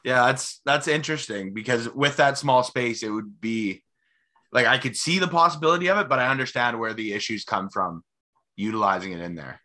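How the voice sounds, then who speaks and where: A man's voice: medium pitch, fairly quick, pushed and bright. A man hosting a casual interview, asking curious questions and sharing his own thoughtful observations. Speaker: podcast host.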